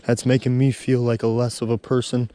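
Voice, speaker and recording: A man's voice: mid-range voice, flat delivery, brisk, warm tone. A man in his thirties on a walk outdoors, telling a heartfelt, rambling story about his day. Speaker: vlogger. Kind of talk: casual walking vlog. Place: outdoors on a snowy trail walk.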